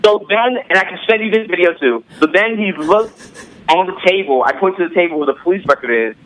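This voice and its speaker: A man telling a wild comedic story in an animated, profane way, acting out the voices of the people in it. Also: high voice, a little fast, over a noisy crowd, poor audio. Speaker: podcast guest or co-host.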